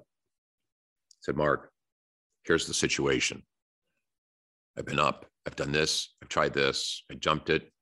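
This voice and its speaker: A man's voice: extremely low pitch, gravelly, sharp tone. A man hosting a podcast, giving a blunt, direct motivational talk about sales and telling stories from his own work. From United States. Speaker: podcast host.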